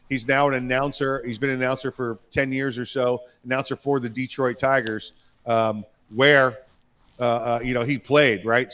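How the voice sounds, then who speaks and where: A man's voice: mid-range voice, a bit bright. A man co-hosting a political talk show, speaking emphatically in a rambling way with frequent restarts and repeated words. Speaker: co-host.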